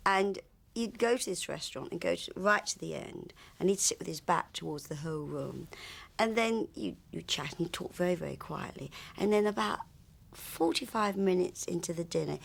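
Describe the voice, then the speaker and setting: A woman recounting stories as an interviewee, chatty and animated, often stumbling and restarting her sentences. Her voice is low and gravelly. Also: a little fast. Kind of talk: anecdotal reminiscence.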